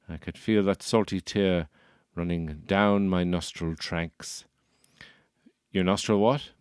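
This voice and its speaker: A man putting on the voice of a stiff, pompous upper-class Englishman who claims to show no emotion, speaking in a clipped, deadpan way. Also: deep voice, smooth, no echo, studio quality.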